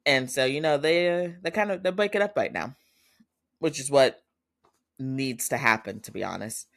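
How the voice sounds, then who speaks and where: A man's voice: mid-range voice, normal speed, gravelly, fairly bright tone. A man hosting a podcast, giving a chatty casual recap and quoting characters in his own voice. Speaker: podcast host.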